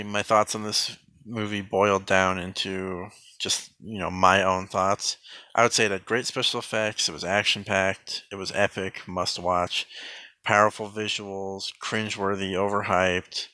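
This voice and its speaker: Deadpan sarcastic man reviewing a film. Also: on the low side, unhurried, clear, resonant tone, no echo. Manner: deadpan, rambling with fillers and restarts. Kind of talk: sarcastic mock movie review.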